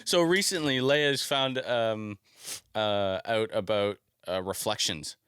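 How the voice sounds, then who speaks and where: A man's voice: on the low side, slow, a bit bright, smooth, no echo, clean studio sound. A young man co-hosting a podcast, telling stories in a laid-back way and swearing casually. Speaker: podcast co-host. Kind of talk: casual chat.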